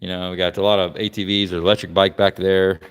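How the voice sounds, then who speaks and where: Man, low voice, rambling, fillers and restarts, echoing garage. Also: flat delivery, quick pace, smooth. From Florida, United States. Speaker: vlogger showing his car collection. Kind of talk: casual walkaround chat. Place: garage workshop.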